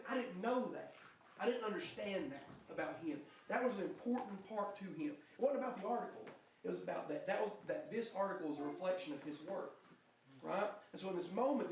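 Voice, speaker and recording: Gravelly young preacher, echoey church. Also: male voice, high-pitched, lively intonation, fairly quick, distant mic, slight background noise. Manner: earnest storytelling, conversational, with frequent restarts. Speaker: pastor. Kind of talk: sermon with personal story. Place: church sanctuary.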